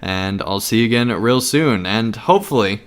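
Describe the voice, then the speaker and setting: A man's voice: fairly low pitch, animated, normal speed, smooth. A man giving a casual podcast thank-you message in an earnest, grateful way, with a few fillers.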